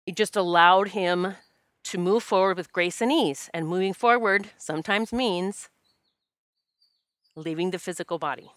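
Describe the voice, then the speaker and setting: Smooth low-voiced woman telling a story. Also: measured pace, no echo, studio quality. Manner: emotional, candid, animated quoting of herself. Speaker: Reiki practitioner. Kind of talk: casual personal storytelling.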